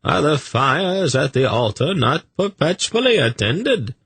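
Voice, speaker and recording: A man voicing an oily, fawning merchant who protests in a high, whining manner. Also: very animated, a little slow, a bit bright, husky, no room sound, exaggerated voice. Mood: oily protesting.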